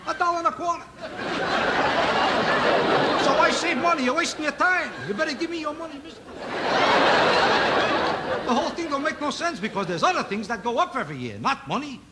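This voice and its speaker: A man doing a stand-up routine on a TV variety show, needling an audience member with quick rhetorical questions. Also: very high voice. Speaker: stand-up comedian. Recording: loud noise on an old TV broadcast recording.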